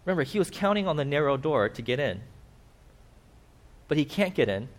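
A man giving a casual sermon with slides, animated, asking his listeners questions and acting out little voices. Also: a little high, a little fast. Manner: animated, acts out voices, asks the audience questions. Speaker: preacher.

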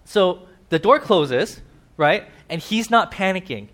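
A man giving a casual sermon with slides, animated, asking his listeners questions and acting out little voices. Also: sits high, slow pace. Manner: animated, acts out voices, asks the audience questions. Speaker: preacher.

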